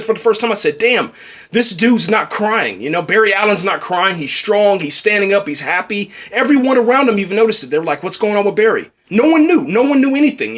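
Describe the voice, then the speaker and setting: A high, slightly bright male voice reviews a TV episode in loose, wandering talk. Frequent "man"s and restarts fill his speech as he turns tearful and choked up.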